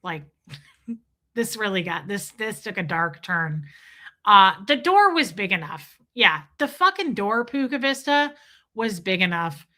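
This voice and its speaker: A woman in her thirties chats with her live viewers in a bright, forceful voice. She rambles from topic to topic, reads out comments and throws in the odd swear. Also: medium pitch, big pitch swings, unhurried. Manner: rambling, chatty, swears, mimics movie lines. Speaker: livestream host reading chat. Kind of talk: casual chat with live viewers.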